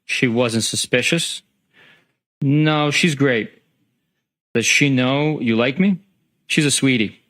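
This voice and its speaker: A man testifying as a trial witness, reading a string of text messages aloud in a steady, matter-of-fact way in a courtroom. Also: medium pitch, takes it slowly, long pauses.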